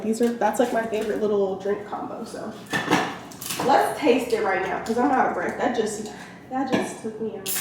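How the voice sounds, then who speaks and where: Chatty young mom in an echoey room. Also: female voice, on the high side, recorded from a distance. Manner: chatty and rambling, lots of "like". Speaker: vlogger, mother. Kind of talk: casual haul vlog. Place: at home, indoors. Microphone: camera set down nearby. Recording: very echoey room, off-mic, noisy.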